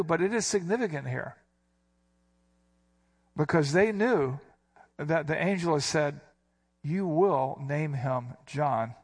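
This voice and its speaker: A man's voice: on the high side, slightly rough. A man preaching an expository sermon who explains Greek words and gives quoted speech a sudden, emphatic punch.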